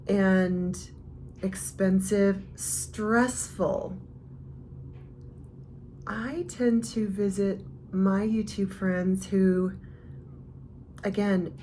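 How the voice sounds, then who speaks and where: A woman's voice: medium pitch, darkish tone, a little hiss or hum. A woman vlogger in casual, reflective talk straight to her viewers, heartfelt and rambling.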